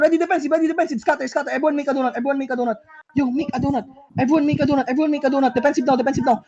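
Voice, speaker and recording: A woman's voice: high voice, steady tone, very fast, mellow, muffled recording. A young woman calling shots in game voice chat, repeating urgent commands with exasperation. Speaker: shotcaller.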